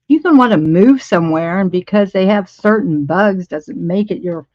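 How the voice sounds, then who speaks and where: A woman's voice: fairly low pitch, lively intonation, normal speed, hardly any pauses, a little mellow, no echo, lo-fi sound. A woman over fifty telling a story on a casual livestream from her home art studio, emphatic, often repeating words for stress and laughing.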